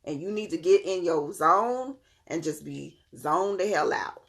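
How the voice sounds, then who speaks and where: A woman giving a casual tarot reading to her viewers, animated and slangy, cursing freely and laughing often. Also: fairly low pitch, unhurried. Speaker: tarot reader.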